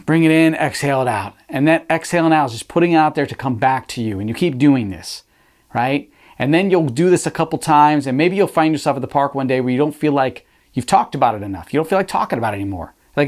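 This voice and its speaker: A man giving an energetic motivational talk at a live virtual event, coaching listeners directly and repeating phrases for emphasis. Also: on the high side, quick pace. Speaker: motivational speaker.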